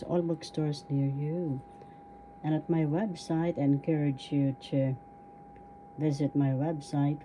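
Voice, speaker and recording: A middle-aged woman gives a patient language lesson at home, her voice still husky and low from a recent cold. She speaks very slowly, sounding out each syllable in a deeply dark, mellow tone. A faint background hiss sits under her words. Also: poor audio. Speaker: language teacher. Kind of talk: slow spoken language lesson. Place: at home indoors, diffuser running.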